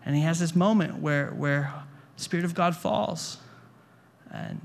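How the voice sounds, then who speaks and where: A male pastor with a fairly high, creaky voice takes his time as he preaches in a church hall. He talks to the congregation conversationally, repeating words and asking them questions.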